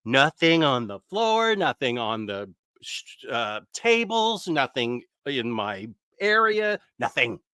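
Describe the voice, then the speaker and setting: A man's voice: mid-range voice, sing-song, slow, sharp tone, clear, resonant tone, no room sound, clean studio sound. A man hosting a casual live stream from home, rambling, interrupting himself and chatting with viewers. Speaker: livestream host. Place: home room.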